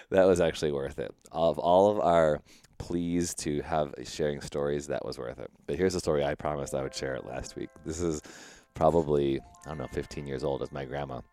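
Very deep-voiced man hosting a podcast. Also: moderate pace, soft background music. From Chicago area. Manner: animated storyteller, laughs often. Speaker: podcast host. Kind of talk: casual podcast chat.

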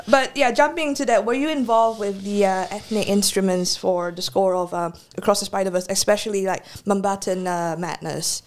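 This is a woman with a mid-pitched voice, co-hosting a casual interview. She asks her questions hesitantly and uses a lot of fillers. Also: steady tone, moderate pace, hardly any pauses.

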